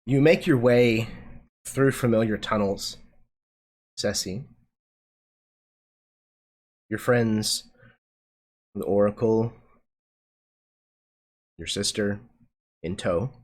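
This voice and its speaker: A man acting as game master, narrating a tabletop game in a slow, deliberate way. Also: on the low side, darkish tone.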